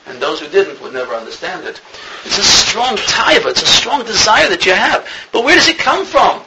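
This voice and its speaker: A man's voice: high voice, very animated, normal speed. A man giving a religious lecture as a rabbi, an earnest storyteller who grows more emphatic as he goes. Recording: noisy recording with clicks.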